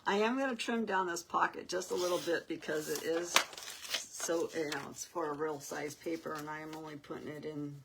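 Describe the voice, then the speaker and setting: Brief: older woman host, low voice, unhurried rambling craft-table chat, faint hiss behind. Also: steady tone, creaky. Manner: chatty, rambling, with soft laughs.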